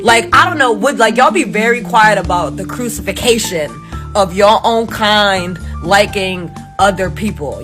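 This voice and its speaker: A first-generation West African woman ranting incredulously in a casual reaction video, laughing at times. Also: mid-range voice. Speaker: social media commenter.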